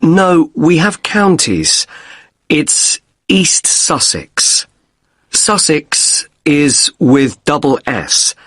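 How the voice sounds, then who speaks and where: An actor playing a polite hotel guest. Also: male voice, fairly high pitch, very animated, a bit bright, no room sound, full character voice. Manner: deliberate, spelling out letters slowly. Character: polite British man with broken wrist checking in. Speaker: hotel guest in a listening test dialogue. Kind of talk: scripted exam dialogue.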